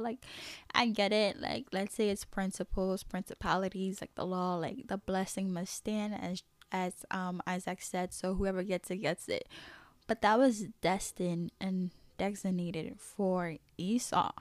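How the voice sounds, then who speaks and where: A woman's voice: mid-range voice, steady tone, a little slow, dry recording. A woman hosting a faith podcast, talking candidly and emphatically in a casual way, peppered with "like". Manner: candid, emphatic, heavy use of "like". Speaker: podcast host.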